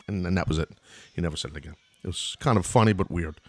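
A man's voice: fairly low pitch, sing-song, quick pace, fairly bright tone, no room sound, studio quality. A middle-aged man with a New York accent, hosting a podcast and giving casual, rambling play-by-play of an old wrestling match, drifting into asides. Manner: loose and chatty, wanders into asides.

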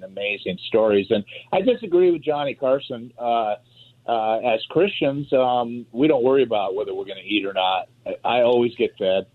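A man calling in to a radio show, telling a folksy story in an easygoing, religious way. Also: on the low side. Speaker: caller. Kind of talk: phone-in chat. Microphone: telephone. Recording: phone line.

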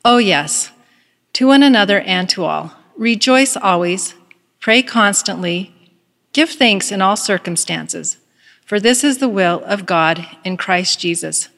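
A woman's voice: medium pitch, expressive, measured pace, gravelly, a bit bright, big-room sound. A woman voicing a weary, doubting woman prisoner who gives thanks reluctantly. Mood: reverent. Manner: reluctant, exasperated.

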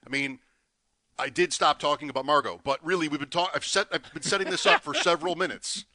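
Guy on a sports radio show, kinda high voice, builds up suspense, casual chat. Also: brisk, sharp tone, dry recording. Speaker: co-host.

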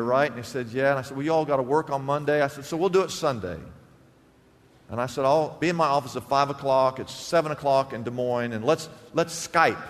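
In a church sanctuary, a male pastor preaches a sermon full of stories, his mid-range voice trailing a long reverb. He swings between loud bursts and hushed, quiet lines.

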